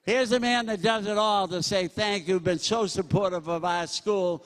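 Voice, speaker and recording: A man works a charity auction, his voice sitting high as he fires off bid after bid. He tosses in jokes between the numbers to keep the room going. The sound carries a long, echoing reverb from a large banquet hall. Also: steady tone, fairly bright tone. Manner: rapid-fire bid calling with jokes. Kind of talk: live charity auction calling.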